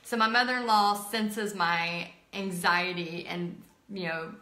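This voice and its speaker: A woman's voice: on the low side, fairly even intonation, takes it slowly, bright, forceful tone, reverberant. A woman in her thirties casually telling a personal story to viewers on a live stream, chatty and full of fillers. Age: 30s. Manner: chatty, filler-heavy, emotional retelling. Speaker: artist hosting a live stream.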